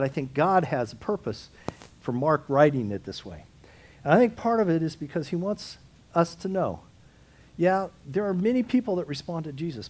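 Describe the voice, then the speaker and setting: A man teaching a Bible study, talking through the text conversationally, with restarts and asides and rising to emphatic peaks. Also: fairly high pitch. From United States.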